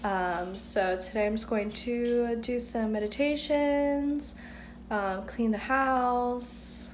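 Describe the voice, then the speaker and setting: A woman's voice: a little high, slow, slight background noise. Chatty young woman vlogging outdoors. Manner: chatty, candid, frequent ums and likes. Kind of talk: casual vlog talk to camera. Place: outdoors and at home in Florida, handheld camera. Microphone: built-in camera mic.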